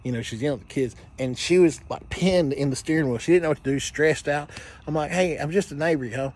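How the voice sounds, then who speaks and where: A man's voice: fairly high pitch, fast talker, a little mellow. A man talking candidly in a casual vlog, telling stories with self-mocking jokes. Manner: candid, joking storyteller. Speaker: vlogger. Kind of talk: casual late-night vlog.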